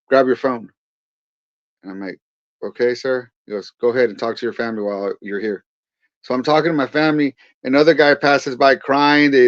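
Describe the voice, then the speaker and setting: A man's voice: medium pitch, dry recording. A man in his forties from California's Central Valley, a pastor and veteran, earnestly retelling his testimony as a guest with quoted dialogue. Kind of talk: storytelling testimony. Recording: slightly dull dry recording.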